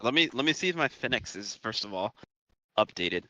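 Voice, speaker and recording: A man's voice: fairly low pitch, very animated, brisk, sharp tone, dry recording, highs cut off. A man co-piloting in a flight simulator, chatting casually and teasing his partner. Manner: teasing, joking. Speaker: co-pilot and co-host. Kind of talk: casual gaming chat.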